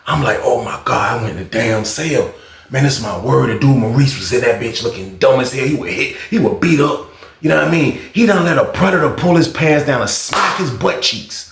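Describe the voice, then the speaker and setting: A man telling a story, lively, acting out quotes with sudden shouts. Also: mid-range voice, fairly quick, slight background noise. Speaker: storytime host. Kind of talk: animated storytelling. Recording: echoey room.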